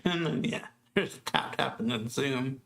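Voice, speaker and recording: A man's voice: medium pitch, measured pace, gravelly. A man hosting a manga reaction channel, casually retelling a chapter with lots of fillers and little laughs. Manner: rambling, filler-heavy retelling with soft laughs.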